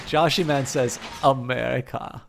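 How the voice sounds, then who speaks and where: A man's voice: mid-range voice, normal speed, a little hiss or hum. A man streaming a game, chatting casually with viewers in a rambling way full of fillers.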